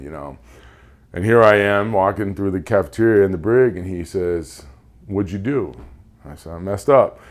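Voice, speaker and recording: Deep-voiced man telling his story. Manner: candid, halting with many fillers. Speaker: navy veteran guest. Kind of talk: storytelling interview.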